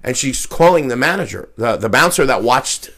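A man's voice: mid-range voice, expressive, normal speed, fairly bright tone, a little hiss or hum. A man telling a brash, profane anecdote in casual chat, acting out the lines of the people in it.

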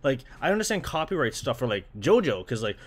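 A man's voice: mid-range voice, very animated, fast talker. Swearing young man ranting casually. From Canada. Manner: swearing, filler-heavy, mocking put-on voices. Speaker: anime fan. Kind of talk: casual rant.

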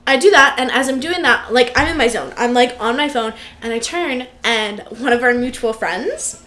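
Young woman co-host, high voice, wry, self-conscious storyteller. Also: expressive, normal speed, a bit bright. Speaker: podcast co-host. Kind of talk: casual chat.

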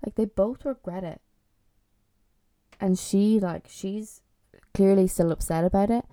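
A woman's voice: medium pitch, measured pace, dark tone, no room sound. A young Irish woman in her twenties, chatting casually and with exasperation as a vlogger reviewing a TV series. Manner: chatty and exasperated, lots of fillers.

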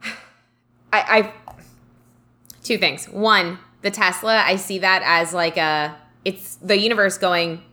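A woman's voice: lowish voice, fairly even intonation, takes it slowly, long pauses, pushed and bright. A woman co-hosting a casual podcast, talking about spiritual ideas in an encouraging way and often restarting her sentences. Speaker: podcast co-host.

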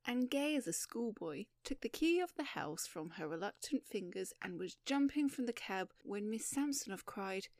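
A woman reads a story aloud at a measured pace and shapes each sentence with expression. Her voice sits at a middle pitch, and the recording is close and dry. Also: lively intonation, darkish tone, no room sound. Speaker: audiobook narrator. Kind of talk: scripted story narration.

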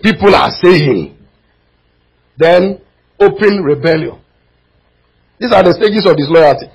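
In a low-quality recording, a pastor preaches in church with a high, slightly husky voice. He alternates between impassioned, nearly shouted lines and quiet, low asides to the congregation.

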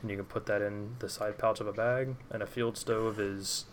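A man's voice: lowish voice, steady tone, moderate pace, a loud crowd. A man hosting a casual group chat, talking in a rambling, hesitant way with many fillers.

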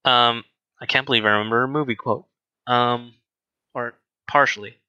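A man's voice: mid-range voice, fairly even intonation, normal speed, pushed and bright, smooth, no room sound, muffled recording. A man in casual chat, telling a rambling work story with restarts and acted-out dialogue.

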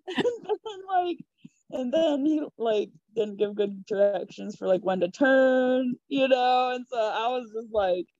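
A young woman telling a personal story in a chatty, giggly, animated way. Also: fairly high pitch, moderate pace, no room sound, muffled recording. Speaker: podcast guest. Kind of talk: casual storytelling.

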